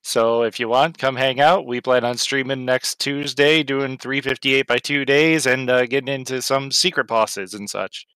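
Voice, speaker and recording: A man streamer introducing himself in a relaxed, slightly shy way. His voice is smooth and bright, recorded dry and close. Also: mid-range voice, moderate pace, few pauses, no room sound. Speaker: streamer guest. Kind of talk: casual self-introduction.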